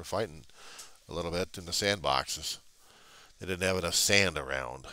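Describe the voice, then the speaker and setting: Gruff deep-voiced man grumbling on webcam. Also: sharp tone, no echo. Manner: gruff, grumbling, swears freely. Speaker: vlogger. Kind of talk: rambling casual monologue.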